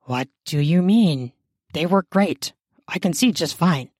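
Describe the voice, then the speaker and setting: Lady doing a bossy bookish prof, low grumbly voice, slow and dry. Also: expressive, a little mellow, dry recording. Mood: teasing. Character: bossy, bookish adult woman professor lover. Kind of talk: audiobook character voice.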